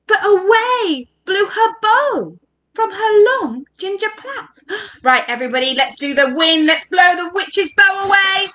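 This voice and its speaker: English woman, children's workshop reader, high bright voice, slow and lively. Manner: animated, coaxing children to join in. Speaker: education workshop leader. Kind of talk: interactive read-aloud for children. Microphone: home recording for online workshop.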